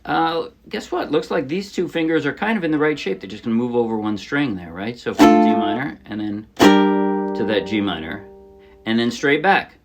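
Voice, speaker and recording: A man teaching a song on ukulele in a relaxed, casual way, often correcting himself as he explains. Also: mid-range voice, normal speed, over loud music. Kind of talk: casual instructional talk. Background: his own ukulele playing.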